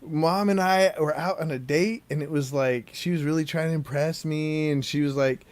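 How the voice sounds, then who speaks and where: Man with a slightly high voice rambling through a story. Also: moderate pace. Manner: rambling, self-interrupting, laughs easily. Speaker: podcast co-host. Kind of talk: casual chat, telling family stories.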